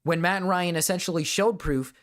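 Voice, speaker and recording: Fairly quick and high-pitched, a man rants profanely at his stream chat while reacting to a video, clearly exasperated.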